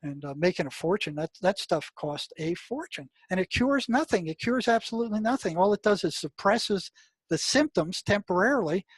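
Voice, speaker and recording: An older man speaks as an interview guest, his voice pitched a little high and recorded dry and close. He tells his story with animation, stumbling through restarts and breaking into exclamations at dramatic moments. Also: moderate pace, husky, no room sound. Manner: animated, many restarts, exclaims when recounting. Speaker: guest, retired mental health practitioner.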